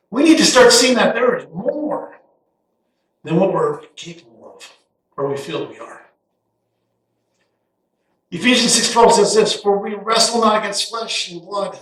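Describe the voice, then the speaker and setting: A middle-aged man preaches a guest sermon with a folksy, animated delivery, slipping into quick voices for Bible characters. His voice sits high for a man. It rings around a big echoey church hall, picked up from some distance away. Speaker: guest pastor. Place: church sanctuary.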